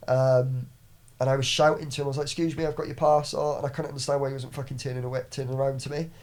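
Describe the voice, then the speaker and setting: A man's voice: medium pitch, level tone, rapid-fire. A young man, a podcast guest and business owner, telling stories in a rambling casual way with frequent swearing and restarts. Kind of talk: casual chat.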